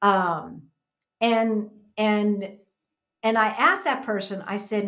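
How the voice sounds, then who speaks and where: A woman's voice: mid-range voice, slow, fairly bright tone. An American woman in her fifties, co-hosting a casual livestream chat and telling stories in a reflective way. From United States. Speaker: livestream co-host. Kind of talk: casual chat, reading viewer comments.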